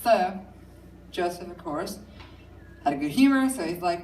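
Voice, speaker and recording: A woman's voice: fairly low pitch, expressive, measured pace, pauses often, darkish tone. Chatty woman comic in an echoey room. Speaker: comedian. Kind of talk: stand-up comedy storytelling. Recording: echoey room, mic far off.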